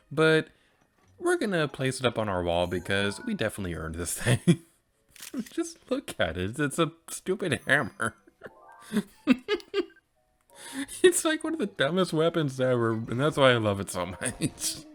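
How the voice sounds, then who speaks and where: A man hosting a video game let's play in a lively, chatty voice that swings widely in pitch and sits on the low side. He laughs often as he talks, with faint game music playing behind him. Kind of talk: casual gameplay commentary.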